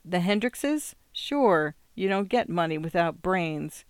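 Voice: mid-range voice, animated, slow, clean tone, no echo. A narrator voicing a guarded older farmer father who answers in blunt, clipped phrases, in an audiobook reading.

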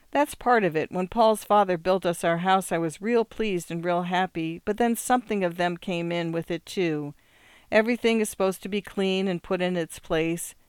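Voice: medium pitch, smooth, no echo, clean studio sound, lightly acted. A narrator voicing a nervous young farm woman who pleads and rambles, in an audiobook reading. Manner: earnest, anxious, rambling.

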